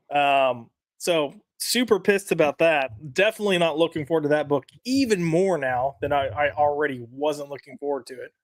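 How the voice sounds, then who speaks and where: A man's voice: fairly high pitch, normal speed, no echo, clean studio sound. A man co-hosting a weekly comics podcast in casual chat, reading lines aloud and checking the live chat.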